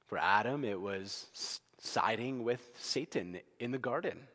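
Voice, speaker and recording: A male pastor preaching an evening sermon, earnest and expressive, dropping from loud to hushed. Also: medium pitch, a little slow. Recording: long reverb.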